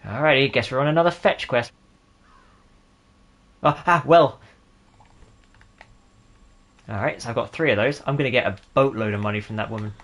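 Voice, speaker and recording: A man's voice: medium pitch, fairly quick, a bit bright. Sarcastic man doing game commentary. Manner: sarcastic, jokey, talks to himself and viewers. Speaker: gaming YouTuber. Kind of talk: casual gameplay commentary.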